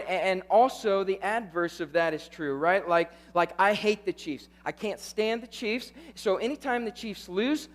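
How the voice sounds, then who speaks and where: A young man, a youth pastor telling a story in a sermon, animated, tagging lines with "right?". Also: sits high. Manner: animated, keeps asking "right?".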